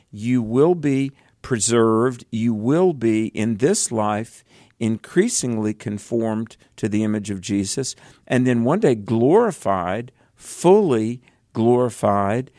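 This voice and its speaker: Southern guy co-hosting a bible show, earnest and animated, dry close sound. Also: mid-range voice, no room sound. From American South. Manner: animated, earnest, with emphatic bursts. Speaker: co-host of a Bible teaching program. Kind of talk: conversational Bible teaching.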